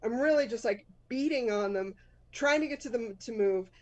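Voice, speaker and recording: A woman's voice: fairly high pitch, normal speed, lo-fi sound. Candid self-deprecating woman storyteller. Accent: Boston. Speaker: storytelling show host. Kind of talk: personal storytelling.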